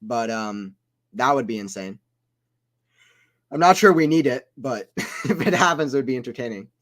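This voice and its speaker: A man giving casual play-by-play commentary on a tennis watchalong stream, chatting with viewers between points and getting loud on big shots. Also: medium pitch, animated, normal speed. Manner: chatty, reads chat aloud between points.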